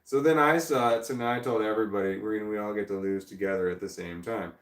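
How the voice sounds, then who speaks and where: A man's voice: on the low side, quick pace, a bit bright, reverberant, far from the mic. A man hosting a casual livestream from a chair indoors, rambling and self-deprecating as he answers chat. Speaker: livestream host. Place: indoor room, seated in a creaky chair.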